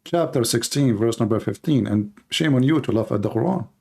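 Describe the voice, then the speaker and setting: A man's voice: mid-range voice, a little fast, gravelly, mellow, breathy edge. A man hosting a call-in debate, pressing his caller with repeated challenging questions. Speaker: host.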